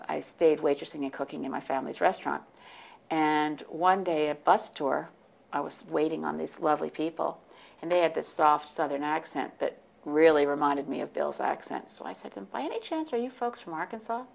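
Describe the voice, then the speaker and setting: A woman in her sixties, originally from the United States, telling lively anecdotes as an interview guest, often restarting her sentences. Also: deep voice, normal speed, gravelly. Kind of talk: casual interview storytelling.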